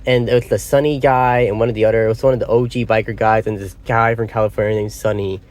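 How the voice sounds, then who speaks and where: A man's voice: fairly low pitch, level tone, fast talker. Guy rambling thru a movie review on his phone, keeps losing his train of thought. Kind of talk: casual spoken film review. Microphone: phone or small device.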